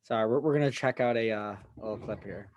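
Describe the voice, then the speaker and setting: A man from upstate New York co-hosting a casual podcast, telling stories in a deadpan way with dry jokes. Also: fairly low pitch, fast talker, muffled recording, a little hiss or hum. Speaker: podcast co-host. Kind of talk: casual chat.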